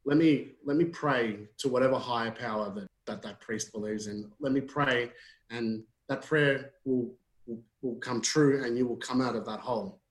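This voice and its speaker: A man's voice: mid-range voice, moderate pace, reverberant, close to an everyday voice, poor audio. A man voicing an earnest male priest who coaxes someone to accept a prayer. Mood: coaxing.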